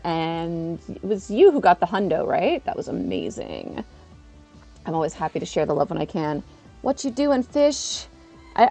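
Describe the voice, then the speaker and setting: A chatty, excitable woman streaming live and chatting casually while she eats. Her pitch swoops animatedly, and her tone stays soft and mellow. Faint music plays in the background.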